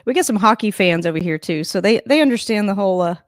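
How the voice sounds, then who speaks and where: A woman's voice: medium pitch, lively intonation, fast talker, no echo. Chatty woman streamer, dry close sound. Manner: chatty and rambling, laughs often. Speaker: live-stream host. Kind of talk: casual live game reaction.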